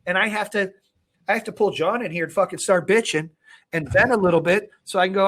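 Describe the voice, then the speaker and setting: Dude hosting a podcast, kinda high voice, cussing a lot, goes loud then drops way low. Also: male voice, fairly quick. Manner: blunt, profane, fired-up, swings from loud to low. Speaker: podcast host. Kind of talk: intense motivational podcast talk.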